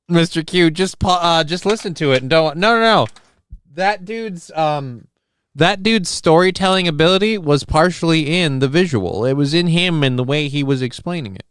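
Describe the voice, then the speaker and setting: A man's voice: a little high, lively intonation, moderate pace, fairly bright tone, clear, resonant tone, dry recording, clean studio sound. A man hosting a live show, ranting with heat, sarcasm and lots of swearing as he reacts to videos. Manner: profane, heated, sarcastic. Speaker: host of a live call-in show.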